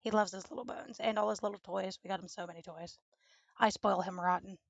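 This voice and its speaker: A young woman chatting casually at home while studying, cooing baby talk to her dog in a creaky voice. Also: mid-range voice, fairly even intonation, a little fast, no room sound, highs cut off. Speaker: streamer. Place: home room with a desk and green screen.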